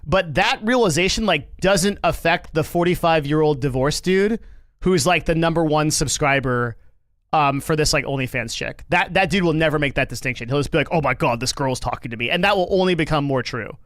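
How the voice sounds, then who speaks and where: A man talks through his livestream in a loose, rambling manner, swearing along the way. His voice sits a little high for a man. The sound is dry and close to the mic. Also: brisk, fairly bright tone, no room sound. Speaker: livestream host. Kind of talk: casual livestream commentary.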